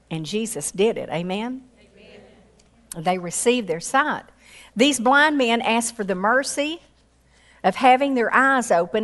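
A woman preaching a sermon with passion, acting out quoted voices and rising to high exclamations. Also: a bit bright. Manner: acts out quoted voices in her storytelling.

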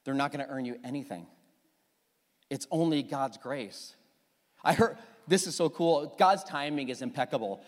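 A man preaching a sermon as pastor, lively and joking, acting out little quoted exchanges. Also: medium pitch, moderate pace. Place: church sanctuary. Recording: long church hall reverb.

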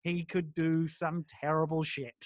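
A man's voice: on the high side, little pitch movement, unhurried, dry recording, clean studio sound. A man co-hosting a podcast, casually discussing a film and enthusiastically retelling scenes. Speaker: podcast co-host.

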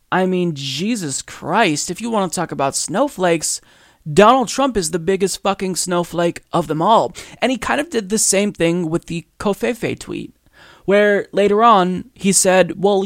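A man hosting a political commentary podcast, ranting with exasperation and firing off rhetorical questions. His voice sits high for a man. The sound is dry, with no room echo. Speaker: podcast host.

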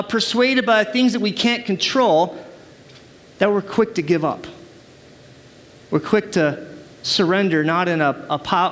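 Male preacher with a strikingly high voice, emphatic sermon delivery with call-and-response. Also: a bit bright. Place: church service.

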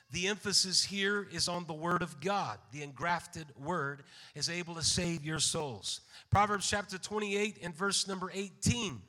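A high-pitched man preaches a sermon. His voice is bright and forceful, and it rings with long reverb through a church sanctuary. He speaks in a measured way and calls out amen. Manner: measured, slows for scripture readings, calls out amen.

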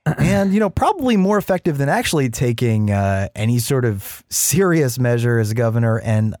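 A man's voice: medium pitch, big pitch swings, normal speed, darkish tone, no echo, studio quality. Sarcastic man talking politics. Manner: sarcastic, wordy. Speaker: podcast co-host. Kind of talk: casual political chat.

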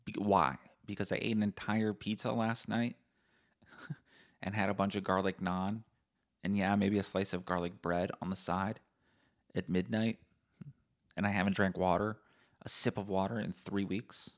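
A man in his thirties hosting a casual solo podcast, sardonic and profane, swinging into loud mock-angry rants. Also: low-pitched, flat delivery, normal speed, long pauses. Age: 30s. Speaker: podcast host.

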